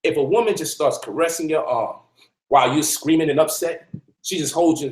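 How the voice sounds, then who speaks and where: A man with a high voice preaches to his listeners in an emphatic, animated way. He speaks as the host of an online talk, and his voice bounces around an echoey room. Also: brisk.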